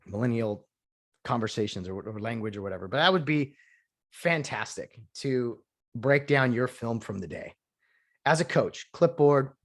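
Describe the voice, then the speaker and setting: Man, solo podcast host, rambling, opinionated, many restarts, mid-range pitch. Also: expressive, normal speed.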